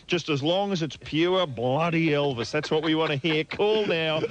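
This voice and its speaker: A man's voice: on the high side, muffled recording. A man with an Australian accent co-hosting a comedy radio show, bantering and chuckling. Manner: jokey, brisk, chuckling. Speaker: radio co-host. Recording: radio broadcast.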